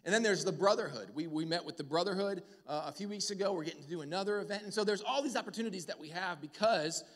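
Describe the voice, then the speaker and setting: A man's voice: high-pitched, quick pace. Upbeat man giving church announcements. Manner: energetic, enthusiastic, fillers like "man". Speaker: pastor. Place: church sanctuary. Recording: church hall reverb.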